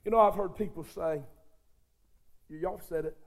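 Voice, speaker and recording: High-voiced male preacher, fervent. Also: normal speed. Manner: swings from hushed intimacy to shouted fervor; addresses the congregation directly, calls for responses. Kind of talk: sermon.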